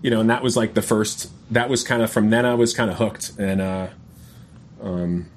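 A man's voice: lowish voice, fairly even intonation, normal speed, slight background noise. A man telling a long personal story in a casual podcast chat, rambling and often saying "man" and "you know". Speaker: guest.

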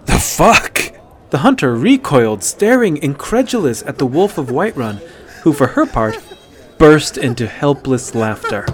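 A man narrating a fantasy story in a steady, even reading voice. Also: medium pitch, moderate pace.

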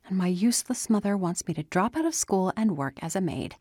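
A woman's voice: mid-range voice, lively intonation, fairly quick, slightly rough, dry recording, clean studio sound. A woman voicing a stubborn, desperate teenage girl. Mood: subdued. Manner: insistent, argumentative, rising to yells.

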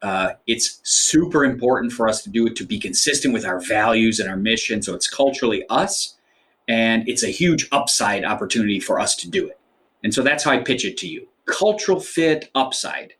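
A man's voice: lowish voice, animated, fairly quick, fairly bright tone. A man as an author guest in an interview, explaining ideas thoughtfully with frequent fillers. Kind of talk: interview conversation.

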